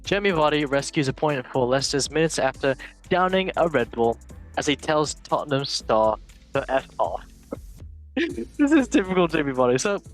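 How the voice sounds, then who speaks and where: A man's voice: fairly high pitch, big pitch swings, moderate pace, soft background music. A young man hosting a football show, reading news headlines and joking around in a casual chat. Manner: playful, joking, reads headlines then riffs. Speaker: show host.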